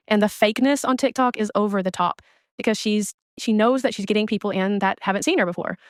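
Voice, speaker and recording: Fed-up woman ranting, smooth clear voice, dry close mic, blunt and scornful. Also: medium pitch, brisk, no echo. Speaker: commentary creator. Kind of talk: ranting commentary on another streamer.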